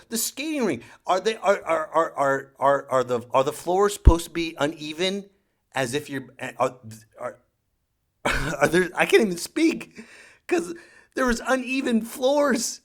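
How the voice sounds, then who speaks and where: Animated, exasperated male comedy storyteller. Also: on the high side. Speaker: podcast host.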